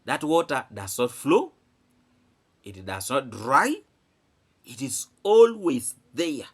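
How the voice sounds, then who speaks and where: A vlogger delivers emphatic commentary to the camera, repeating phrases and posing rhetorical questions. His medium-pitched voice is very animated, yet he takes his time.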